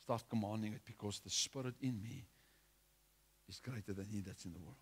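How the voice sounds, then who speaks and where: A man's voice: fairly low pitch, fairly quick, slightly rough. A man preaching a sermon, exhorting his listeners with repetition and restarts.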